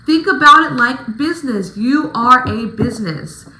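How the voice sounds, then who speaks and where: Woman, casual advice vlog, emphatic and profane, bright tense tone, echoey room. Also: fairly high pitch, lively intonation, a little slow, slight background noise. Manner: emphatic, profane, pep-talk delivery. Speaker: stripper giving advice to other dancers.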